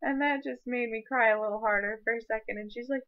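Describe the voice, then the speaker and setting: A woman's voice: fairly high pitch, steady tone, fast talker, muffled recording. Earnest young woman telling a story. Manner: emotional, earnest, rambling. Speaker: vlogger. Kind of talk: personal storytelling vlog.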